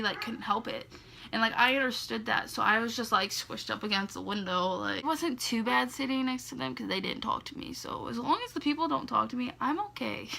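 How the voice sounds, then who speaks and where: A young woman vlogging a casual storytime, her slightly high voice carrying a gravelly, fry-laden texture. She rambles along with constant fillers and quick laughs, and she sounds drowsy, yawning between stories. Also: a bit bright. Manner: rambling, heavy use of "like" and "legit", frequent laughs. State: sleepy, yawning.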